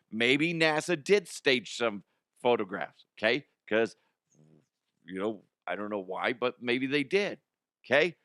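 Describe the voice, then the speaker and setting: A man with a bright, ringing voice hosts a comedy show, slinging crude jokes and exasperated asides. His pitch sits a bit high for a man. The sound is dry and close to the mic. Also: no echo. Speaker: radio comedy show host. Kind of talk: irreverent comedy banter.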